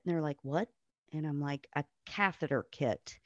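A woman's voice: deep voice, steady tone, normal speed, no echo, lo-fi sound. Blunt, cursing woman telling stories. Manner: blunt and profane, acts out quoted people. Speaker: guest, nurse. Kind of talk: casual storytelling on a podcast.

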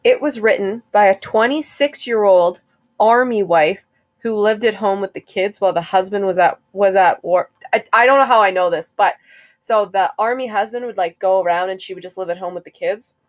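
A young woman co-hosting a casual chat, rambling and chatty with quick bursts of laughter. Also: medium pitch. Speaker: co-host.

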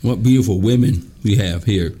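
A man's voice: fairly low pitch, moderate pace, very noisy. A man co-hosting a podcast in casual chat, joking and laughing often. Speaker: podcast co-host.

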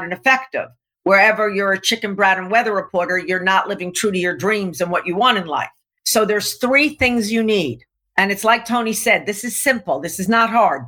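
A woman coach talking in an emphatic, animated way, acting out quotes as she tells stories and slowing down to stress her key points. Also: medium pitch. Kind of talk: coaching talk to an interviewer.

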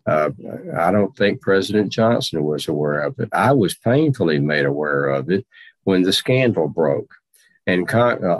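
Male reenactor as a formal old general-president; deep voice, slow measured delivery, dry close sound. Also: dry recording. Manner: slow, deliberate, formal nineteenth-century phrasing. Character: aging Civil War general and president, dignified, measured. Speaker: historical reenactor in character. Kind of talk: first-person historical portrayal.

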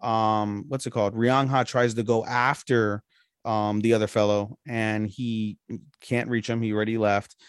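Lowish guy rambling thru an anime recap on a podcast, swears a lot, dead dry mic. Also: level tone, unhurried, smooth, no echo. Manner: rambling, loose and profane, heavy on "like". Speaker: podcast co-host. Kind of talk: casual anime review chat.

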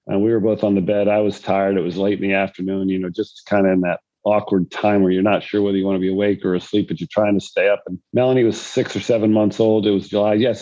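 A man's voice: lowish voice, warm tone, lo-fi sound. An older man, a former pro golfer, telling rambling anecdotes about fatherhood in a conversation. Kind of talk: storytelling in a conversation.

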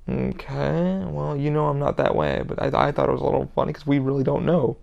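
A man's voice: medium pitch, little pitch movement, fast talker, few pauses, warm tone, highs cut off. A man hosting his own podcast, talking in a rambling, emphatic way and swearing constantly. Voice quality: gravelly. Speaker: podcast host. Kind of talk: casual monologue.

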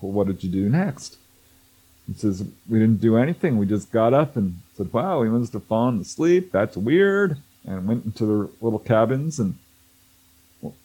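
Over a rough recording, a man with a lowish, husky, mellow voice speaks at a moderate, sing-song pace. As a guest researching contact stories, he tells a story conversationally, voicing the quotes and laughing frequently.

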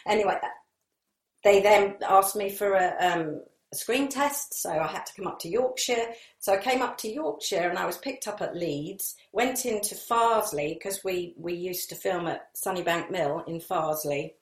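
A woman's voice: on the low side, normal speed, roomy sound. A woman from southern England, an actress guest telling rambling stories in an interview, with many ums and asides. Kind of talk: anecdotal interview chat.

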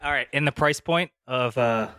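A man's voice: medium pitch, normal speed, bright, forceful tone, clear, resonant tone, no echo, studio quality. A man co-hosting a podcast, teasing the guests and explaining slang in casual chat. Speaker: podcast co-host.

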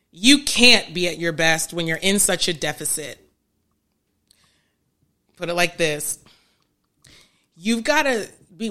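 A woman's voice: on the low side, sharp tone. A woman hosting a live question-and-answer advice show as a therapist, talking casually, repeating key phrases for emphasis and adding chatty asides. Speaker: podcast host and therapist.

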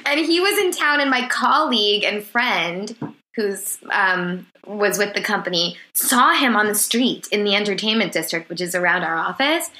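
Giggly, bright-voiced woman in a roomy echo. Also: medium pitch, lively intonation, unhurried. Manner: giggly, chatty, full of "like". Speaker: comedian guest. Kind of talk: casual podcast chat. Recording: roomy echo with faint noise.

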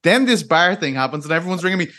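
A man interviewing a guest in a chatty, excitable way. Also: fairly high pitch, racing. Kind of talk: casual interview.

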